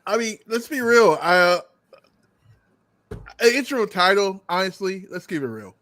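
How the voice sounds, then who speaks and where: A man's voice: sits high, expressive, measured pace, a bit bright. A man co-hosting a live wrestling watch-along, chiming in with brief, laid-back remarks. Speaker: co-host.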